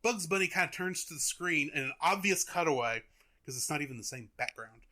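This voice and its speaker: A young man hosting a podcast, retelling a cartoon in a chatty, animated way. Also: fairly high pitch, a little fast. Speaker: podcast host. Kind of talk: casual chat, retelling a cartoon.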